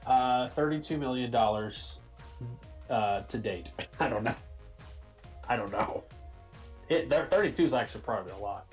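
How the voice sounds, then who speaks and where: A man's voice: mid-range voice, lively intonation, moderate pace, pauses often, soft background music, low-quality recording. A man in his thirties co-hosting a casual podcast, joking and rambling as he runs a quiz. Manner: jokey, rambling, jumps into silly voices. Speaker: podcast co-host, quiz master. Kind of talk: casual chat.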